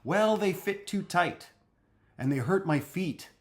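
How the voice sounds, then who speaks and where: Man playing a whiny young child, squeaky and complaining. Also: expressive, slow.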